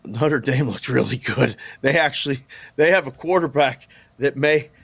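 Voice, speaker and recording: A man speaking as a sportsbook guest analyst on a sports talk show, casual and halting. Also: mid-range voice, gravelly, a bit bright, slightly rough, dry recording. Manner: casual, halting, with restarts and fillers.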